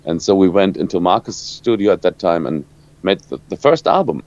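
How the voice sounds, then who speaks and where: German-accented man, halting and low. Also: big pitch swings, a little mellow. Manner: halting, searching for words, many restarts. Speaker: rock guitarist. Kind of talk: interview answers. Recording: dull lo-fi dry sound.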